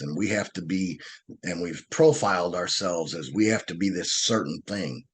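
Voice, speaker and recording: Earnest low-voiced storytelling man. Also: normal speed, breathy edge. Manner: earnest, animated, restarts sentences often. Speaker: podcast guest. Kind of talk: conversational storytelling.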